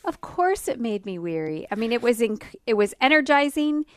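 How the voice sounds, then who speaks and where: Smooth-voiced radio co-host woman. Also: a little high, big pitch swings, dry recording, clean studio sound. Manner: warm, reflective, with pauses and ums. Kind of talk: casual radio talk.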